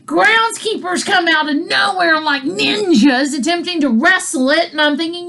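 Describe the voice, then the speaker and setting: A woman delivers comedic storytelling in a high-pitched, pushed, bright voice, keeping a measured pace with few pauses. The comedian wanders off into asides and chuckles between lines.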